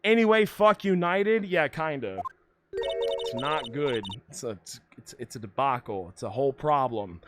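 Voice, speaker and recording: A man's voice: medium pitch, expressive, measured pace, slight background noise. A man with a whiny, nasal voice, rambling and self-interrupting in casual live-stream commentary.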